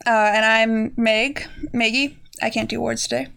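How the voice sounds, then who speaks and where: A woman's voice: fairly high pitch, fairly even intonation, normal speed, gravelly, bright, forceful tone, a little hiss or hum. A young woman co-hosting a home podcast, rambling with lots of fillers and joking at her own expense. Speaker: podcast co-host. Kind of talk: casual chat.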